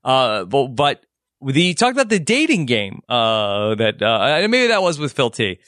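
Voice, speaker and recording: A man in his thirties co-hosts a podcast in loose, casual chat, rambling through fillers and restarts. His pitch swings in a lively way, and his voice sits dry and close with no room sound. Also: a little slow, no room sound. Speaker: podcast co-host.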